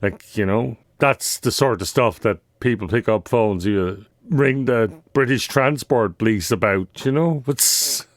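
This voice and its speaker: A man's voice: medium pitch, a little slow, few pauses, no echo, studio quality. A man co-hosting a podcast, chatting casually and bluntly. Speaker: podcast co-host. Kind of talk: casual chat.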